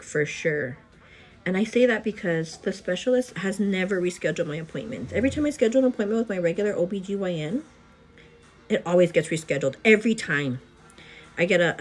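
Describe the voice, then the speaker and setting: A pregnant young woman chatting casually to her viewers while getting ready at home, animated and full of fillers. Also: fairly low pitch. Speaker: vlogger. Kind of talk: casual get-ready-with-me chat.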